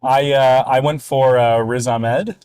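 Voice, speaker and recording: A man's voice: medium pitch, fairly even intonation, a little slow, darkish tone, clean tone, no room sound, poor audio. A man co-hosting a casual movie chat, rambling through his picks and laughing easily at himself. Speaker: podcast co-host.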